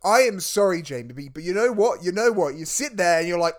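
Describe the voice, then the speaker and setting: Rambling, excitable man on a podcast. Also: high voice, fairly quick. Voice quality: rambling, excitable, many restarts. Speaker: podcast co-host. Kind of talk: casual chat reviewing a film.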